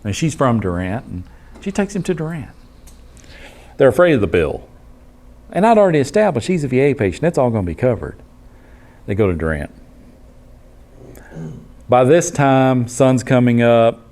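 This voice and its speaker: Guy teaching emt class, blunt and lively, telling a war story. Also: medium pitch, moderate pace, long pauses. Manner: blunt, animated storytelling with acted quotes. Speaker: EMT instructor. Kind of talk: storytelling lecture.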